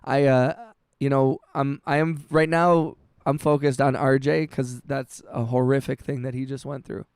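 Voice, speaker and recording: A man streaming music production, chatting casually with his chat, halting and heartfelt, often restarting and swearing with lots of "bro" and "dude". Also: medium pitch, level tone, a little mellow, clean tone, dry recording, clean studio sound. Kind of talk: casual livestream chat, reading chat messages.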